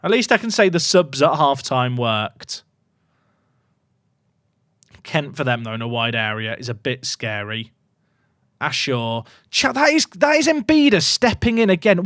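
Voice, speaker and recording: A man streaming a football management game, talking to his chat and swinging from low muttering to excited shouts. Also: moderate pace, no echo, studio quality. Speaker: gaming streamer. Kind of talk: live game commentary to chat.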